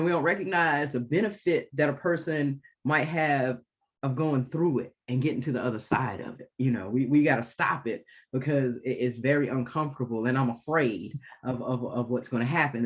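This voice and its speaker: A man facilitating a group discussion, animated and often repeating words as he starts a thought. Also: fairly high pitch.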